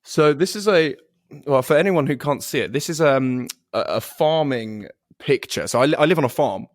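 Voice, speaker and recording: A young man with a British accent hosting an interview over a video call, polite and quick to laugh, careful not to offend. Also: medium pitch. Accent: British English. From United Kingdom. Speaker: podcast host.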